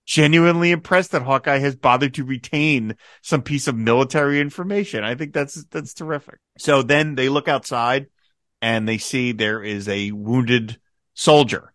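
Bright-voiced man recapping an episode. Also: medium pitch, moderate pace, no echo, studio quality. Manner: enthusiastic, quotes dialogue in animated bursts. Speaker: podcast host. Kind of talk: casual podcast discussion.

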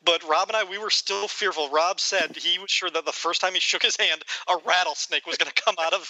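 A man hosting a podcast, chatting casually in a relaxed, rambling way with fillers. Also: sits high, fairly quick, dry recording, rough recording. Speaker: podcast host.

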